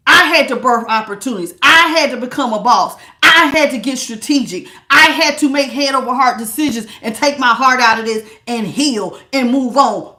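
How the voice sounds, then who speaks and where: Sassy high-voiced woman reading tarot. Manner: sassy, emphatic, slangy and animated. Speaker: tarot reader. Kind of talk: casual tarot reading monologue.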